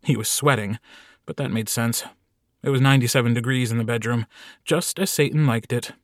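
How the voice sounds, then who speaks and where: A man narrating a comic short story audiobook in a wry, deadpan manner. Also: medium pitch, a little fast, dry recording, studio quality. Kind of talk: scripted narration.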